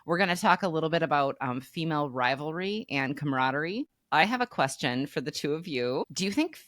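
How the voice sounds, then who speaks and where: A woman with a low voice co-hosts a casual podcast chat. She talks in a bubbly, lively way, and her pitch swings widely. The recording is dry and close. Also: a little fast, no room sound. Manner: bubbly, animated and laughing often. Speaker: co-host.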